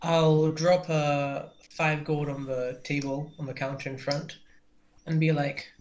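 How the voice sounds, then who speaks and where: Slow, hesitant tabletop player. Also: medium pitch, little pitch movement, darkish tone. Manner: slow, hesitant with many fillers. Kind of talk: casual tabletop play.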